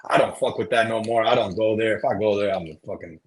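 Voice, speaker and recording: A man with a New Jersey accent speaks in a low voice, blunt and full of profanity. His talk is loose and heated, the way a guest sounds chatting on a podcast. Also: fast talker. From North Jersey. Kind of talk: casual chat.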